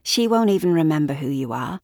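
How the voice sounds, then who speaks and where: A woman's voice: deep voice, expressive, a little fast, a little mellow, no echo, studio quality. A woman reading the lines of a cold, curt young woman with clipped replies in a story.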